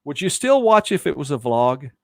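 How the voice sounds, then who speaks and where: A man with a softened Southern US accent, hosting a casual live-stream talk show from a home studio and chatting loosely with viewers. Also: fairly high pitch, very animated, moderate pace, gravelly, dry recording. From born in Texas. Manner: chatty, rambling, reacts to viewer comments. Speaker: host.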